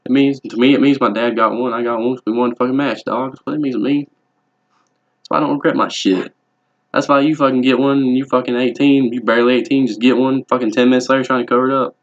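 A man's voice: mid-range voice, level tone, fast, few pauses. A young man, rambling and swearing bluntly through a casual vlog about his tattoos. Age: young adult. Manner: profane, rambling, laid-back and blunt. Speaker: vlogger. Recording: dull lo-fi home video audio.

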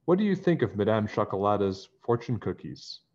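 A little girl who loves being famous gushes and brags about her fortunes. A man puts her on in a higher voice for a storybook. The sound is dull and lo-fi. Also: a little fast. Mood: bragging. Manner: bragging, excitable. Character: boastful girl fortune teller, show-off.

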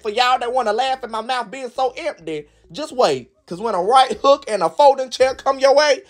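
A young man in his twenties hosting a comedy shout-out segment, with a dramatic, sassy, exaggerated delivery. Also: extremely high pitch, normal speed, few pauses. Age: 20s. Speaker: comedy channel host.

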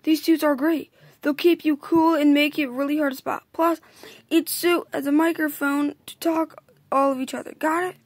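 A woman's voice: sits high, fairly even intonation, no room sound. A woman reading as a bossy spider hacker. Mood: explaining, bossy. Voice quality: read aloud haltingly with restarts.

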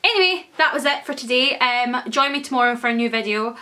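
A young woman, gushing and excitable as she chats through an unboxing for her vlog. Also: high-pitched, fast talker. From Scotland. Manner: gushing, excitable, many exclamations. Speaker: vlogger. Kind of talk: casual unboxing chat.

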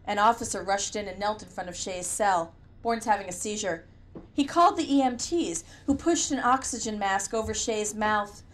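A woman's voice: mid-range voice, expressive, normal speed, few pauses. A woman reading a novel aloud in first person, with a wry, conversational storytelling manner. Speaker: audiobook narrator. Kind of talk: first-person audiobook narration.

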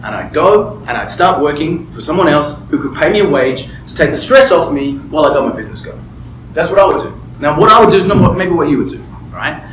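Male business mentor, slightly raised pitch, emphatic, candid, echoey room with faint ambience. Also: expressive, fast talker, background noise. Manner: emphatic, keeps checking in with "right?"; candid personal storytelling. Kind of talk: motivational talk to a small group. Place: room with a table and a small group.

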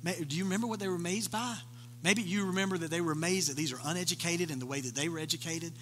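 Animated preacher man in a church hall. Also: on the high side, rapid-fire, a little hiss or hum. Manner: animated storytelling, acting out voices of the people in the story. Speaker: pastor. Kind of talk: sermon.

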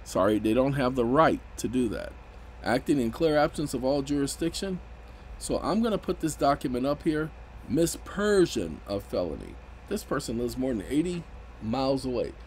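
A man's voice: medium pitch, lively intonation, moderate pace, darkish tone, slight background noise, low-quality recording. Emphatic man explaining legal rights. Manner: emphatic, rises sharply when indignant. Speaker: legal commentator. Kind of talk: casual explanatory commentary.

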